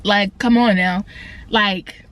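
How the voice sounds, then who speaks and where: A young woman vlogger telling a casual storytime rant, animated and slangy, with quick asides and swings between loud and quiet. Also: medium pitch. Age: young adult. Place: indoors, in her car. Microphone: phone camera.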